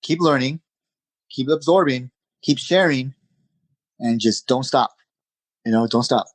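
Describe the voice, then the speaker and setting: A man of middle pitch speaks as a podcast guest, easy and energetic, throwing in "you know" and "man" as he goes. The sound is close and dry, with almost no room around the voice. He talks like a coach passing on lessons to his students. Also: unhurried, no echo, low-quality recording. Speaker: jiu-jitsu instructor, podcast guest. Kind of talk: casual interview chat.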